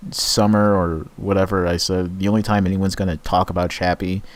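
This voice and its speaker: A man's voice: low voice, little pitch movement, brisk. A man hosting a casual podcast chat, rambling, sarcastic and swearing a lot. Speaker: podcast host.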